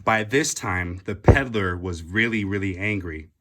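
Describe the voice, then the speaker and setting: A man reading a children's picture book aloud, slow and animated, calling out the characters' lines. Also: low-pitched, heavy background noise. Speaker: storybook reader.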